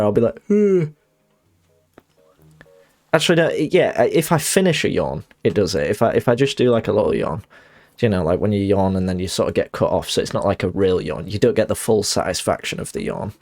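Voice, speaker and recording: A man's voice: lowish voice, darkish tone, dry recording. A young man streaming a game, chatting in a rambling, self-conscious and apologetic way with giggly asides. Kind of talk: casual chat while streaming a game. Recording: dry close mic with faint music behind.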